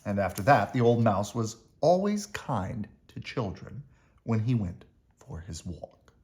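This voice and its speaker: Slow, animated man reading a children's storybook. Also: lowish voice. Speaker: storybook reader. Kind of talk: children's read-aloud narration.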